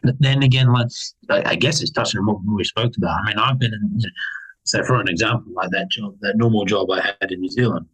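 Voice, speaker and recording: A young man, chatting casually on a podcast as a guest and telling stories with lively acted-out voices. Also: fairly low pitch, fast, slightly rough, poor audio. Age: young adult. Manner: animated storytelling, acts out other people's lines. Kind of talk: casual chat.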